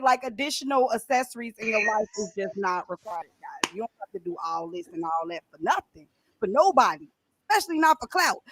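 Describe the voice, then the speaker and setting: A woman co-hosting a radio talk show, chatting casually and excitably and laughing often. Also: fairly high pitch, a little fast, no echo. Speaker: podcast co-host.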